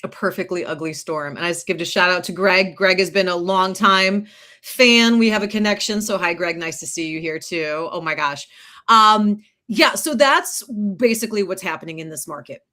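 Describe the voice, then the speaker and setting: A woman co-hosting a casual live chat as a career coach, bubbly and excitable. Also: fairly low pitch, moderate pace.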